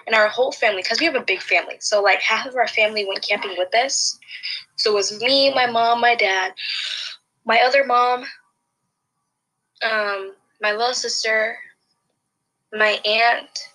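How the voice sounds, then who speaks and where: A young woman chats through a long personal story on a casual podcast. She rambles, restarts sentences and leans on fillers. Her voice is bright and sits a little high. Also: moderate pace, long pauses, rough recording. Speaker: podcast host.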